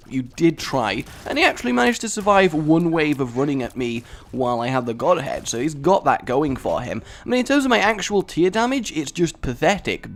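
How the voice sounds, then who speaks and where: Excitable jokey British gaming commentator. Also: male voice, mid-range voice. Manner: excitable, jokey, sings and puts on voices. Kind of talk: let's play commentary.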